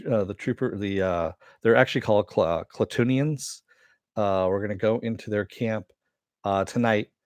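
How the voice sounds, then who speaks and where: A man's voice: on the low side, no room sound. A man casually recapping a TV episode in a rambling, filler-heavy way, sometimes swearing. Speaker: reviewer.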